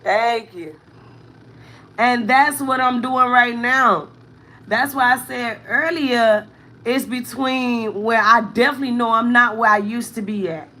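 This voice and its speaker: Woman, 30s, bright forceful voice; candid live-stream venting to viewers. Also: on the high side. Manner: candid, venting, thanks commenters, near tears at times. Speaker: vlogger, mother of four.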